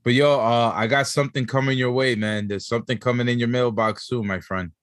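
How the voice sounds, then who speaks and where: A man's voice: mid-range voice, fairly even intonation, a little fast, no echo, studio quality. Laid-back man hosting a podcast. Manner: laid-back, slangy, filler-heavy. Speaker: podcast co-host. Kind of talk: casual chat.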